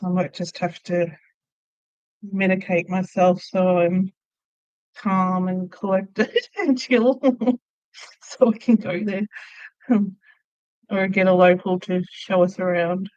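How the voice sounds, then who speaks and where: A woman's voice: on the low side, flat delivery, takes it slowly, pauses often, a little mellow, no room sound, dull audio. An Australian woman chatting casually with viewers on her crochet livestream, telling stories and laughing often. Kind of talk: casual live chat reading viewer comments.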